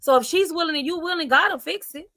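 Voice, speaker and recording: A woman's voice: very high-pitched, fast talker, a bit bright, no echo, studio quality, soft background music. Earnest woman in her forties, encouraging. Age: 40s. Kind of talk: podcast talk.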